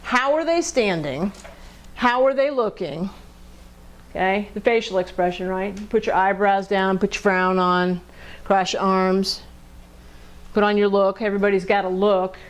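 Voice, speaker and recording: A woman leads a group lesson in a group room, talking conversationally and throwing questions at the people listening. She acts out angry voices to make her points, and her voice sits at an ordinary middle pitch. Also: a little slow, low-quality recording. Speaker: group counselor.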